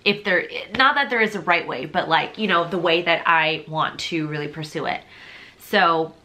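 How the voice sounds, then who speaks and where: A young woman shares her faith testimony in a low yet bright, forceful voice. She talks casually and rambles, leaning on "like" and "you know", and is openly emotional and confessional. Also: normal speed. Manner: chatty and rambling, heavy on fillers like "like" and "you know".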